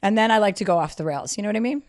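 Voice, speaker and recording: A woman's voice: medium pitch, racing, no room sound, studio quality. A woman guest on a podcast, telling a long story in casual, swearing chat that keeps building into rants. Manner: profane, animated storyteller, rants with rising volume.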